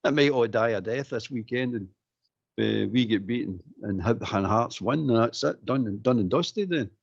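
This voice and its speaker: Scottish man, gravelly, husky, lively pitch, says mate a lot, dull lo-fi audio. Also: moderate pace. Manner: animated, repeats himself, says "mate" often. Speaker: caller. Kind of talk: football phone-in chat.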